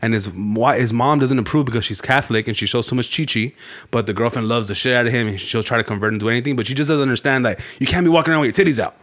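Fast-talking young man telling rambling stories. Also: mid-range voice. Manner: rambling, profane, animated storytelling. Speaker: podcast co-host. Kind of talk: casual chat.

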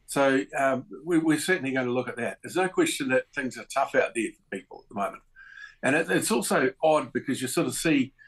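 A man, a politician on a panel, speaking in a measured way with many hesitations. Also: mid-range voice, animated, poor audio.

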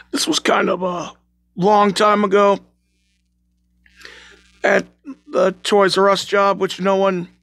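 A man's voice: high voice, creaky, a bit bright, no echo. A man telling a scary work story in a rambling, self-correcting way, recorded on a phone. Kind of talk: casual spoken scary story.

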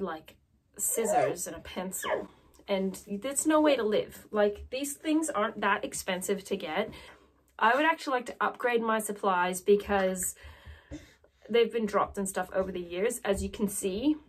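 A woman's voice: medium pitch, lively intonation, a little slow, fairly bright tone. A woman in her thirties with an Australian accent, chatting to camera in a rambling, self-mocking way. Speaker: vlogger. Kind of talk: casual chat to camera.

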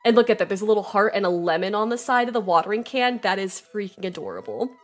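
A woman streaming a video game, giving casual, excitable commentary with a lot of swearing and laughter. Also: medium pitch, quick pace, soft background music.

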